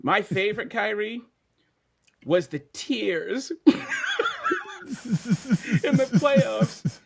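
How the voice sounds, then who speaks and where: A man, a sports journalist guest telling stories in lively mock rants. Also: high voice, very slow, creaky, breathy edge. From Boston area. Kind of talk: casual sports chat.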